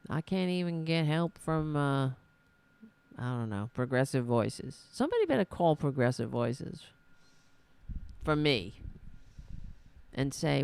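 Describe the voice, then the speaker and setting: A woman's voice: low-pitched, big pitch swings, slow pace, creaky, long pauses, a little mellow, clean tone. A woman from New York with a New York accent, hosting a solo political podcast and ranting in a frustrated, self-deprecating way. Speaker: podcast host.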